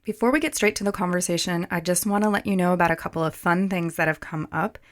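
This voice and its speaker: A woman's voice: on the low side, fast. A woman hosting a podcast, reading an earnest, scripted introduction of her guests. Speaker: podcast host.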